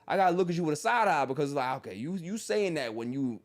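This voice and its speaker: Animated man hosting a sports podcast. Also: fairly high pitch, quick pace. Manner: animated, slangy, mimics people mid-story. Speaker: podcast host. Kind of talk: casual sports chat.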